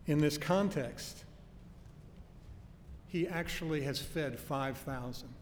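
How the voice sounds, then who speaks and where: A man preaching a sermon in an earnest, emphatic way, slowing down to stress key phrases. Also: on the high side. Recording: faint noise and long hall reverb.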